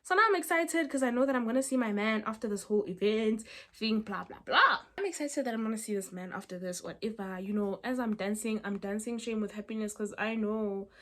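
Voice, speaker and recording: A young woman, telling a storytime in a chatty, animated way with asides to her viewers. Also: on the high side, a little fast, few pauses. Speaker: storyteller vlogger. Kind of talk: casual storytime chat.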